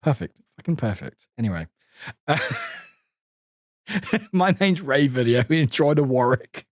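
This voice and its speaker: A young British man streaming a game live, excitable and full of laughs, yelps and swearing. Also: medium pitch, unhurried, dry recording, studio quality.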